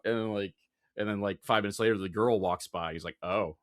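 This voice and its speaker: A man's voice: on the low side, fairly quick, dry recording, studio quality. An American man hosting a casual interview, talking hesitantly with stumbling restarts and acted-out quotes. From United States. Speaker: podcast host.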